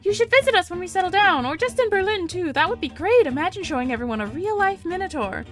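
A woman voicing a chatty, nosy young German woman tourist in her twenties, talking high and prying. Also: lively intonation, quick pace, faint music behind. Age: 20s.

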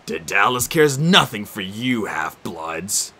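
A man voicing the sneering ghost of an ancient king, speaking slowly in a low, mocking, menacing tone. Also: sing-song, bright, forceful tone, husky, heavily acted. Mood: sneering menace.

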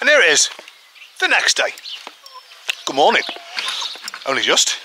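A man's voice: on the high side, huge pitch swings, measured pace. A man chatting casually to camera as a vlogger, rambling and poking fun at himself. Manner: chatty, rambling, self-deprecating humor. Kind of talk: casual vlog chat. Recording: rural outdoor noise with birds.

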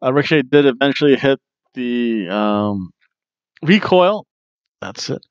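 Casual male podcast host, jokey and rambling, middle pitch, dull, dry home recording. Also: lively intonation, a little slow, clear, resonant tone, dry recording. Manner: jokey, breaks into chants and sing-song bits. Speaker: podcast host reviewing wrestling.

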